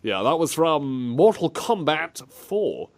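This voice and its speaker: A man hosting a comedic game show, excitable and jokey, joking through bits with his co-host. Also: on the high side, takes it slowly, gravelly. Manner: excitable, jokey, breaks into laughs and silly voices. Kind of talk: comedic banter about games.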